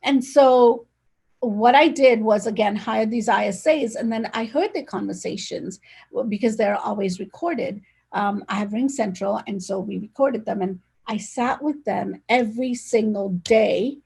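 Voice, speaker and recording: An energetic, emphatic woman talking over a video call. Her voice sits a little high, with a husky, breathy edge and a gravelly fry, and she drives her points home with direct force. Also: measured pace. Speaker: real estate agent, guest. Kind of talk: casual conversational interview.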